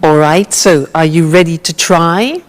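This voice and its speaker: Slow, patient woman teaching grammar. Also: low-pitched, in a large hall. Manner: patient, encouraging, deliberate. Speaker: English teacher. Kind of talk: slow, clear grammar drill.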